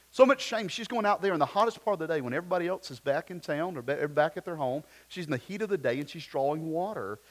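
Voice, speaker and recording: A man, preaching a sermon at a church service in a conversational way, full of rhetorical questions and personal stories. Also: mid-range voice. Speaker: pastor.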